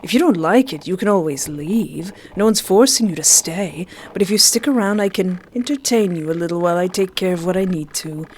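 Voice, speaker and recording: A woman voicing a mocking, manipulative male angelic being who talks in a slow, smug, taunting way. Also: on the low side, expressive, a little hiss or hum, lightly acted, rough recording. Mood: coaxing.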